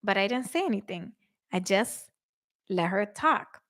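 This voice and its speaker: A middle-aged woman host telling a story casually to her listeners, animated and acting out quotes with shifts in her voice. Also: medium pitch, measured pace. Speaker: podcast host.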